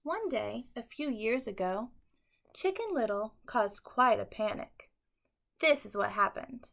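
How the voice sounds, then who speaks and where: Slow, bright-voiced woman reading aloud. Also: fairly high pitch, vocal fry. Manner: expressive, dramatic read-aloud. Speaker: teacher. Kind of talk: bedtime storybook reading.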